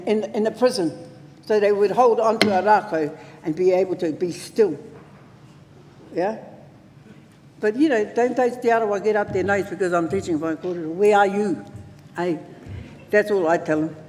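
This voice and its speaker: A man in his seventies with a New Zealand accent, speaking at a conference as a lively storyteller who mixes in Māori words. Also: sits high. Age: 70s. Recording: long hall reverb.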